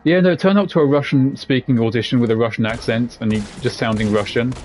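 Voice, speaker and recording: A man's voice: medium pitch, fast talker, a little mellow. A man giving casual, jokey commentary while playing a video game, rambling between asides. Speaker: game streamer. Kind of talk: casual let's-play commentary.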